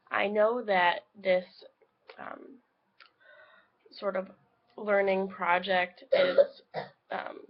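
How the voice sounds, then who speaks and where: Young woman vlogging while sick, gravelly, lots of ums, dull webcam sound. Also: medium pitch. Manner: hesitant, many ums, soft trailing phrases. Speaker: student. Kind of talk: casual video log.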